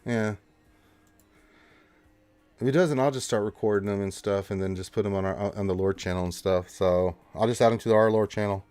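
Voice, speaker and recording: Man, livestream host, casual rambling chat, lowish smooth voice, dry close sound. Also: fairly even intonation, normal speed, darkish tone, dry recording, soft background music. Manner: loose, rambling, full of fillers. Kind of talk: casual stream chat and sign-off.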